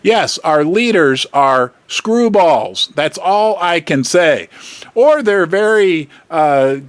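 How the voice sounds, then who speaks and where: An emphatic male channel host talks straight to his viewers in casual commentary, exasperated and full of rhetorical questions. His voice sits high and swings up and down a lot. The sound is dry and close, with no room around it. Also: expressive, takes it slowly, no room sound. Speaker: host of a precious-metals channel.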